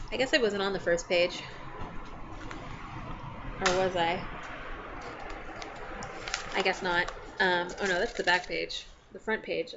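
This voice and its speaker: A woman's voice: medium pitch, muffled recording, noisy background. A young woman from the United States showing a care package in a chatty, tender video message to her family. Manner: chatty, warm and tender, talking to the camera. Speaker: vlogger.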